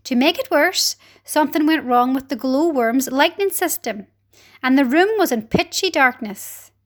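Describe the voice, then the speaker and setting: A woman narrating a children's storybook aloud in an animated, dramatic way. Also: high-pitched, normal speed. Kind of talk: expressive storybook reading.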